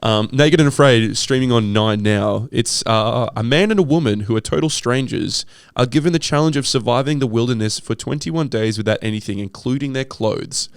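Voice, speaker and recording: A man's voice: mid-range voice, moderate pace, smooth, dry recording. Joking Australian man co-hosting a podcast. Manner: joking, swears casually. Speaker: podcast co-host. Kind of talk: casual chat.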